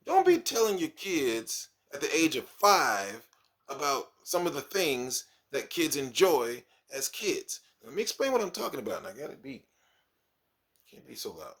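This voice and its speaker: A man's voice: medium pitch, normal speed. A man, a kindergarten teacher, telling stories from his class in a casual vlog and acting out his pupils. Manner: animated, acts out his pupils.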